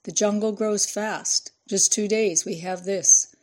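A woman's voice: medium pitch, steady tone, slow, darkish tone. A woman reading voicing a male local official who speaks Tagalog-accented English in an audiobook. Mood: urging.

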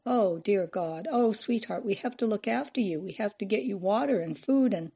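A woman's voice: medium pitch, normal speed, gravelly, mellow, slightly rough. A woman voicing a compassionate female journalist in an audiobook, speaking with emotion. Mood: tender. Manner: emotional, tender.

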